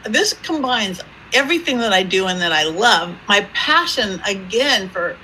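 A woman guest telling stories in an interview, with a lively improv-comedy manner and acted-out quotes. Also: moderate pace, slight background noise, low-quality recording. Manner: lively, acts out quoted voices with big pitch jumps. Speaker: psychic medium guest. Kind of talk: animated storytelling interview.

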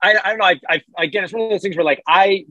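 A man's voice: sits high, very fast, no room sound, highs cut off. A man with an American accent, a podcast guest chatting casually and rambling through restarts. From United States. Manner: animated, rambling with many restarts. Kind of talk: casual chat.

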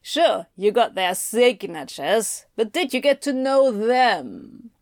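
A woman's voice: fairly high pitch, sing-song, takes it slowly, darkish tone, dry recording, clean studio sound, exaggerated voice. Pushy office manager, lectures his team; a woman narrator voices him. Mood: lecturing. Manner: bossy, lecturing. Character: brisk male sales manager, pushy.

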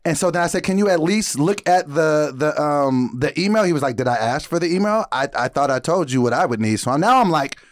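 A young man recounts a run-in on a casual podcast, animated and full of acted-out dialogue. His voice sits a little high and jumps around a lot. The sound is dry with no room around it. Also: brisk, few pauses, no room sound. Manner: animated, acts out quotes, frequent laughter. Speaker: podcast co-host. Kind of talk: casual storytelling chat.

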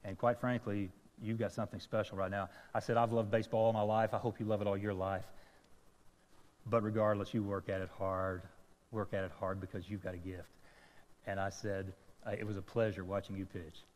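A male preacher tells a personal story, poking fun at himself and acting out each voice in it. His voice sits a bit low, and a long reverb trails every phrase as it fills the sanctuary. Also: little pitch movement, a little fast, a little mellow. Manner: self-deprecating storyteller, acting out dialogue. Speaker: pastor. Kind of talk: sermon storytelling.

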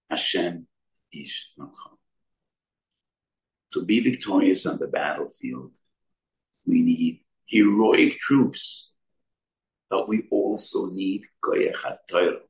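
A man preaches a Torah sermon in a low, gravelly voice. He drives his points home with emphatic rhetorical questions. The sound carries an echoey room around it. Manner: emphatic, mixes Hebrew and Yiddish-accented terms into English, rhetorical questions. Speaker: rabbi giving a Torah talk.

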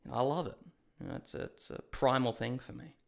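A man's voice: medium pitch, quick pace, creaky. A man giving a casual, profane fight recap monologue, ranting and calling his viewers "guys.". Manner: animated, shouts reenacted outbursts. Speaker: MMA commentary host.

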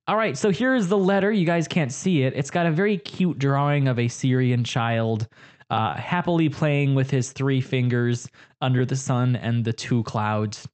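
A man's voice: mid-range voice, moderate pace, darkish tone. A young man hosting a podcast, rambling through crude jokes in a casual comedic monologue. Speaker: podcast host.

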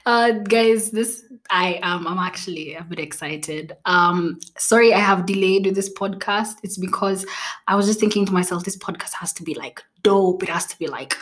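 A woman's voice: on the low side, echoey room. Young woman rambling on her podcast, lots of ums and giggles. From Kenya. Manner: chatty and self-laughing, many fillers and restarts. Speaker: podcast host. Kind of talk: casual solo podcast chat.

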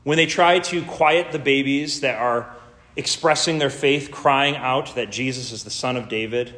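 A man's voice: mid-range voice, a little slow, sharp tone. A man preaching a sermon in an earnest, emphatic way, building lists and drawing out key words. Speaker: pastor.

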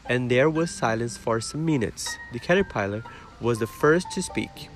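A man's voice: mid-range voice, expressive, moderate pace, rough recording. A man with a Brazilian Portuguese accent, a native Portuguese speaker, reading a classic storybook aloud in English, carefully paced. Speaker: reader teaching English. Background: background music.

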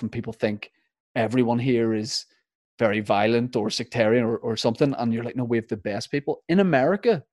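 A man's voice: medium pitch, darkish tone, dry recording. Dry-voiced, chatty Northern Irish man. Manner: rambling, chatty, loose with fillers and restarts. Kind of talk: casual interview chat.

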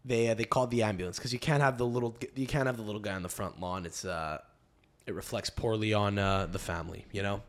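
A man's voice: lowish voice, fast talker. Crude rambling man hosting a podcast. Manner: crude, rambling, swears a lot, laughs often. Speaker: podcast host. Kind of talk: casual podcast rant. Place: home, family upstairs.

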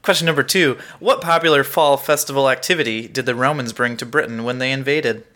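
A man hosts in easy conversation, his voice bright and clear. He laughs often and plays quizmaster for his co-host. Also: mid-range voice, fairly even intonation, fairly quick. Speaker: podcast co-host. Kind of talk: casual chat, quizmaster.

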